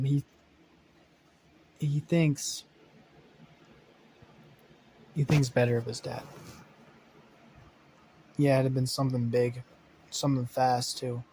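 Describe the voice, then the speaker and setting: A man's voice: medium pitch, level tone, slow pace, long pauses, warm tone, a little hiss or hum, low-quality recording. A man casually narrating an improvised superhero story, rambling with many fillers, self-corrections and swearing.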